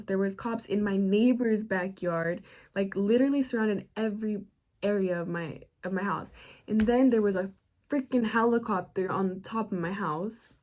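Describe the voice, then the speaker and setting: A woman's voice: mid-range voice, normal speed, a little mellow. Chatty young woman telling a story. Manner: chatty, filler-heavy slang, frequent "like". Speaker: vlogger. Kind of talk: casual storytelling.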